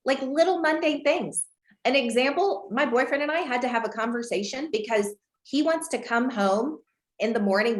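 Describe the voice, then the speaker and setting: A woman from Houston, Texas, coaching a group on a video call, animated and acting out dialogue with big pitch jumps. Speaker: guest real estate coach. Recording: roomy echo.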